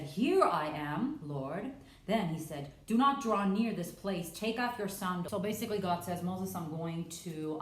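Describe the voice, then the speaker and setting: A woman's voice: on the low side, reverberant. A woman giving a casual Bible study talk, earnestly explaining scripture and acting out the dialogue as she goes. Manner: earnest, conversational, stumbles and restarts, acts out dialogue. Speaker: Bible teacher.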